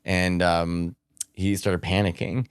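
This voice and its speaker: A man's voice: sits low, takes it slowly, smooth, no echo, clean studio sound. A man hosting a podcast, telling anecdotes in casual chat and acting out what people said. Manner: animated anecdote-telling with quoted voices. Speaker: podcast host.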